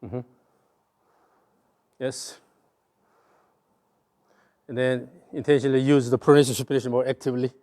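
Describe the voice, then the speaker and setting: A man with a Korean accent coaches a golf swing in a mellow, warm voice. He talks in an instructive way and repeats short cues over and over in rhythm with the movement. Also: medium pitch, little pitch movement, moderate pace, pauses often. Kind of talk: hands-on coaching.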